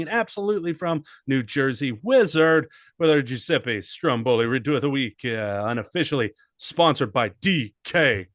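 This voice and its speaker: On a dry recording, this podcast co-host speaks on the high side with a fairly bright tone. He riffs and cracks crude jokes on a casual comedy show, sometimes putting on a mock English accent.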